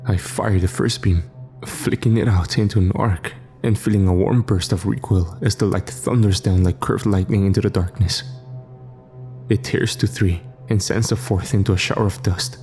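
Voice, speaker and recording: Dark-voiced male horror narrator. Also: deep voice, fairly even intonation. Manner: grave, measured first-person storytelling. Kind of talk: scripted horror story narration. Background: faint music.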